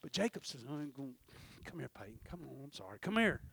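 A man preaching a sermon, telling folksy stories and acting out the dialogue, swinging from shouted peaks down to low murmurs. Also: sing-song, fast talker, vocal fry, slight background noise. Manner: folksy storytelling with acted-out dialogue. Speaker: pastor.

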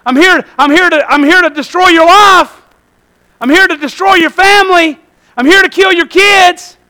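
A preacher voicing a loud, blunt devil. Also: male voice, very high voice, normal speed, voice pushed up. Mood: menacing. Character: menacing devil announcing evil plans.

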